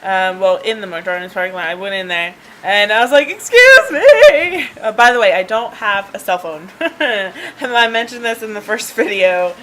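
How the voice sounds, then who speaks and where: Her voice sits at medium pitch with a fairly bright tone, and she moves at a moderate pace with hardly any pauses. She's a vlogger recounting a personal story in a loose, chatty way, often laughing, saying um, and restarting, recorded through a handheld device camera with poor, slightly hissy or humming audio.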